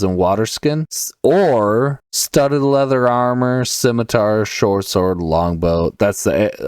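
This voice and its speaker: Man, podcast host, rambling tabletop prep, slow talk, lively pitch, dry distant mic. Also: clear, resonant tone, no room sound. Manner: rambling, thinks aloud. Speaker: podcast host and solo game player. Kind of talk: casual solo tabletop game prep.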